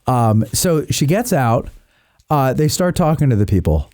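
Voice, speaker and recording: Animated man hosting a podcast. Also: mid-range voice, unhurried, no echo, clean studio sound. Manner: animated storyteller who acts out the voices. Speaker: podcast host. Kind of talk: casual chat.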